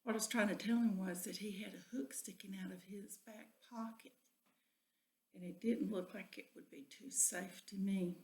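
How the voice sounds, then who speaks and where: A woman telling a folksy spoken story, often dropping into a breathy whisper. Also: mid-range voice, fairly even intonation, moderate pace, a little mellow. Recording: echoey room.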